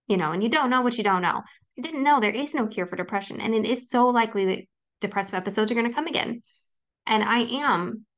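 Earnest woman hosting a solo podcast. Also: medium pitch. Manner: earnest, reassuring, with frequent ums. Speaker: podcast host. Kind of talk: personal solo podcast talk.

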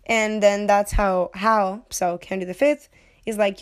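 A woman's voice: mid-range voice, flat delivery, measured pace. Chatty young woman, sick and breathless. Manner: chatty, digressive, playful, swears casually. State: sick, short of breath, coughing. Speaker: movie reviewer. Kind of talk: casual film review chat.

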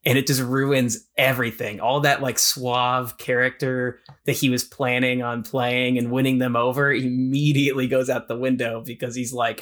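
A man with a bright, forceful voice talks through a novel on a casual podcast. He retells the plot with energy and slips into the characters' lines as he goes. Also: mid-range voice, little pitch movement, moderate pace, hardly any pauses. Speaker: podcast co-host. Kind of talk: casual literary discussion.

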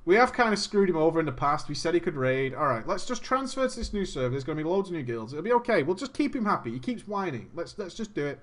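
A man's voice: on the high side, lively intonation, fast talker, few pauses, fairly bright tone, pitched below the performer's own voice. Grumbling friends, as a man puts them on. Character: annoyed male friends grumbling together.

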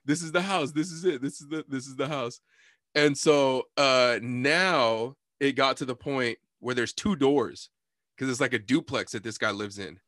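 A man's voice: medium pitch, moderate pace, no room sound, studio quality. A young man telling a story in casual chat, cursing a lot and acting out quotes. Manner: animated storytelling, heavy cursing, acts out quotes.

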